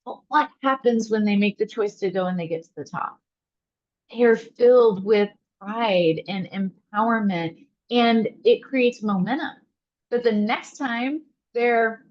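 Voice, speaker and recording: Animated woman therapist, dull lo-fi audio. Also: fairly high pitch. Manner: animated, speaks straight to listeners. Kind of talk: interview answer, storytelling.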